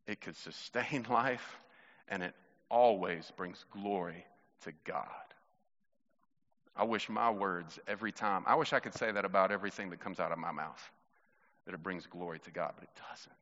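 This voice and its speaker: A man's voice: medium pitch, pushed and bright, big-room sound, dull audio. A man preaching a sermon, talking to the congregation in a casual, conversational way and telling stories from family life. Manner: conversational, storytelling, addresses congregation directly. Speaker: pastor.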